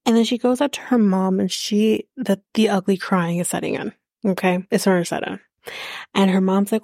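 Sarcastic woman host rambling through a TV recap, medium pitch, dry close mic sound. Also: fairly even intonation, brisk, vocal fry, a little mellow, no room sound. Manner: rambling, sarcastic, and swears freely. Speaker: podcast host. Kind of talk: casual chatty reality TV recap.

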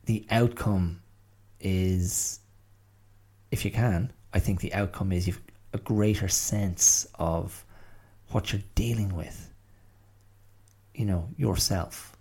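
Low gravelly man musing. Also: takes it slowly, pauses often, warm tone. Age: middle-aged. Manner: thoughtful, hesitant, many restarts and fillers. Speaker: podcast host. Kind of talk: reflective solo monologue.

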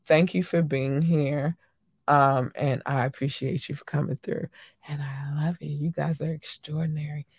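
A woman hosting her own podcast in casual solo chat, giving effusive shout-outs to listeners with frequent ums and sudden animated bursts. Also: sits low, normal speed, slightly rough, no echo. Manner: animated, swings into loud excited bursts. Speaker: podcast host.

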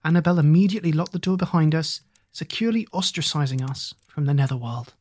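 A reader narrating a novel in the first person with a steady, measured delivery. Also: medium pitch. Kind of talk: audiobook narration.

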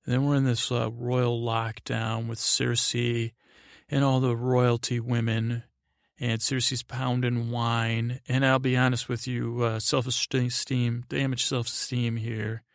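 A man hosts a sleepy, rambling recap podcast in a gravelly voice that barely rises or falls. He meanders through restarts and fillers, close to a dry microphone. Everything stays flat and unhurried. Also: no echo. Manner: meandering, full of fillers and restarts, paraphrasing characters in a low-key voice. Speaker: podcast host.

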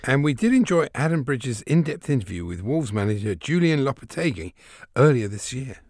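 A man's voice: medium pitch, very animated, fairly quick, darkish tone, dry recording, studio quality. A man co-hosting a radio clip show, bantering easily and chuckling at the clips. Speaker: radio co-host. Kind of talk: jokey clip-show presenting.

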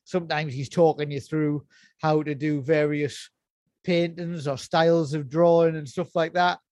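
A man's voice: on the high side, fairly even intonation, measured pace, darkish tone, dry recording. A man co-hosting a casual podcast, chatting about old children's TV, laughing often and trailing off mid-sentence. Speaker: podcast co-host. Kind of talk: casual chat about nostalgic kids' TV.

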